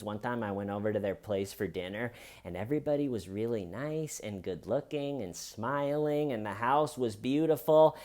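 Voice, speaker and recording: A man's voice: medium pitch, moderate pace, a little mellow. A young man from Colorado, hosting a comedy podcast and telling stories in a rambling, chatty way with self-corrections. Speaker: podcast host. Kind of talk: comedic storytelling.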